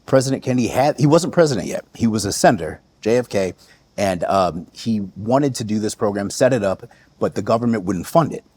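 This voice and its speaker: Low husky man telling family stories. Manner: relaxed, storytelling with many fillers and restarts. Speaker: guest. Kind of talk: reflective interview storytelling.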